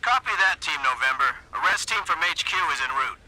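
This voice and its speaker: An actor playing a ranger headquarters radio dispatcher in a video game, speaking in a clipped, procedural way. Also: male voice, a little high, big pitch swings, a little fast, bright, forceful tone, full character voice, rough recording.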